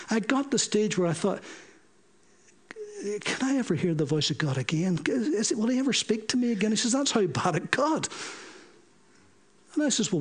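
A middle-aged man, preaching a sermon through stories and acting out the dialogue he quotes. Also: high voice. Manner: animated, acts out quoted dialogue. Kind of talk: sermon storytelling.

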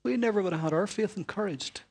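Male preacher, high-pitched and husky, dramatic delivery that drops to whispers. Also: quick pace. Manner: dramatic, swings from loud calls to hushed whispers; asks the listeners rhetorical questions. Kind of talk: sermon.

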